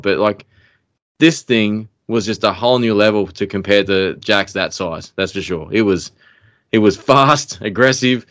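An Australian podcast guest with a lowish voice tells a story in casual conversation, excitable and animated, often trailing off into filler words.

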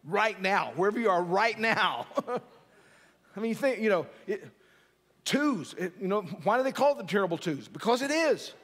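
A middle-aged male pastor delivers a sermon in a loose, conversational way, joking and tossing questions to the congregation. His voice sits fairly high for a man. A long reverb tail from a large hall follows his words. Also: expressive, moderate pace, fairly bright tone.

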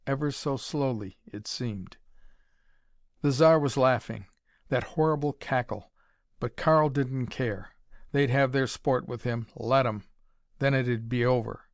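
A man's voice: mid-range voice, a little slow, no room sound, clean studio sound. Man narrating a dramatic pulp story.

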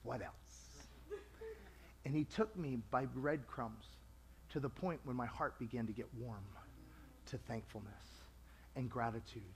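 A man preaching a sermon to a congregation in a lively, conversational way, acting out quoted voices. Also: medium pitch, moderate pace.

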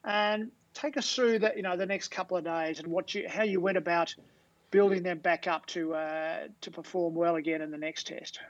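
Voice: medium pitch, fairly even intonation, normal speed, dull audio. A host asking a long, hesitant question, full of ums and uhs. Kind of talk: interview questions.

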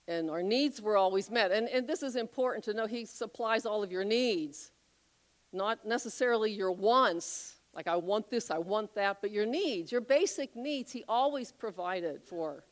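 A woman preaching a sermon, telling a Bible story with animated, acted-out voices. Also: mid-range voice. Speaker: pastor.

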